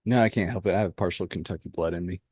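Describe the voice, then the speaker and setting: Man, podcast co-host, very low voice, husky, easygoing, short replies. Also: quick pace, darkish tone, dry recording, studio quality. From Indiana. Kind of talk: casual chat.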